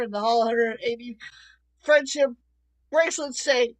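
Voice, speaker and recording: A woman improv performer telling quick comedy bits in an improv game. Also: on the high side, rough recording.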